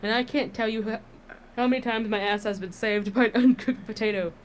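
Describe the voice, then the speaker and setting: A woman's voice: fairly high pitch, fairly even intonation, brisk, a little hiss or hum, natural voice. A woman voicing a boastful young female monster warrior in a dating game, bubbly and full of slang. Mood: chatty.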